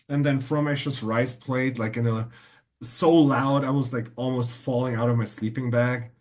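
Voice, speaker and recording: A man's voice: medium pitch, steady tone, moderate pace. A man hosting a podcast, telling rambling anecdotes in casual chat. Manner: rambling anecdotes full of fillers. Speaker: podcast host.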